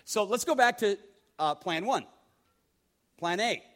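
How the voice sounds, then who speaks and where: A pastor with a high-pitched voice preaching to his congregation. His delivery is conversational, with repeated words and direct questions to the listeners. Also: expressive, a little slow, a bit bright. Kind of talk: sermon.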